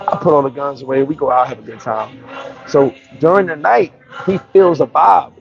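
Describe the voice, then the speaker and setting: A man tells a story in a casual, slangy way and often restarts mid-sentence. His voice is a bit higher than most men's, with a gravelly fry. The recording is slightly muffled, with faint music in the background. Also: normal speed. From New York. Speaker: vlogger.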